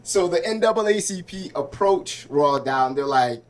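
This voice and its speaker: High-voiced stand-up comic at an open mic. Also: male voice, expressive, moderate pace. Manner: conversational, asks crowd for agreement. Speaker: stand-up comedian. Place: small comedy club stage.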